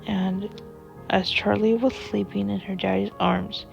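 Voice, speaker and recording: Slow, gravelly woman telling a story. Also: mid-range voice, flat delivery, soft background music. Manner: unhurried, plain storytelling. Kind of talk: storytelling narration.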